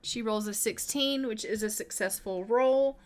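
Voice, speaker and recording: A woman casually narrating her life-simulation gameplay step by step, chatty and gentle, now and then voicing her characters in quick asides. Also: fairly high pitch. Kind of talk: casual let's-play commentary.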